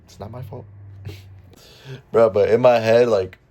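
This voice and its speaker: A man's voice: medium pitch, fairly even intonation, takes it slowly, dark tone. A young man, casually telling a storytime, full of slang and "I was like.". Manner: slangy, says "bro" and "I was like" a lot. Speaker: storytime vlogger. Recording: somewhat distant mic with faint room noise.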